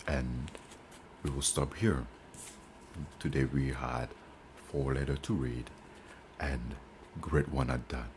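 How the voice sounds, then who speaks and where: A man reading old letters aloud and commenting on them between readings, slow and halting with restarts. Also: a bass voice, steady tone, a little mellow, a little hiss or hum. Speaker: book reader and commentator.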